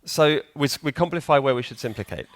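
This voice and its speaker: A man's voice: medium pitch, fast. A man giving a live conference talk in a hall, chatty and joking, quizzing the audience. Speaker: conference speaker.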